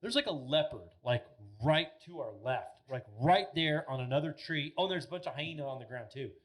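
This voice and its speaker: A man's voice: on the high side, animated, fairly quick. A man in his thirties, a podcast guest telling stories in a rambling, casual way, full of filler words and swearing. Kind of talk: casual storytelling chat. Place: podcast studio.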